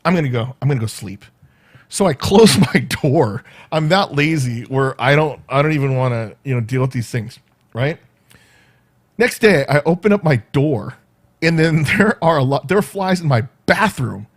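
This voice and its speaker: Animated man telling a rambling story. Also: on the high side, moderate pace. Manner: animated, rambling, peppered with "right?" and laughs. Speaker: vlogger. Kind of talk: casual storytelling to camera. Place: at home.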